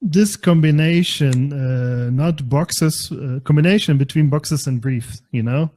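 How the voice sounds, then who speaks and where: A man from Slovenia, a guest speaking in a halting, casual way with many fillers. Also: a little high, dark tone. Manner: slow, halting, non-native English with many fillers. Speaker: guest maker. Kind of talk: casual chat.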